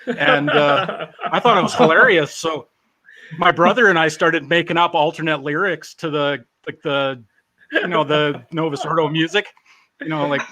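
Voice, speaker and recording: A man's voice: on the high side, normal speed, bright, forceful tone, dry recording. Laid-back man in his forties. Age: 40s. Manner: laid-back, joking, self-deprecating. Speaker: interview guest. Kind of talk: casual storytelling.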